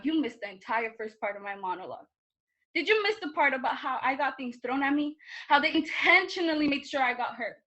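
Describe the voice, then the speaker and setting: On a low-quality video call recording, a student performer speaks in a high, bright, pushed voice. The young woman's spoken-word monologue is earnest and impassioned, with pointed questions directed at her listeners.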